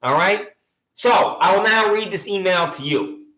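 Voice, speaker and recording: A man with a high voice rants straight at a local official, sarcastic and combative as he reads out his own letters. His tone is bright and sharp. The sound bounces around a roomy, echoey space. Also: animated, measured pace. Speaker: citizen reading his complaints to a sheriff. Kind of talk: angry direct-address monologue.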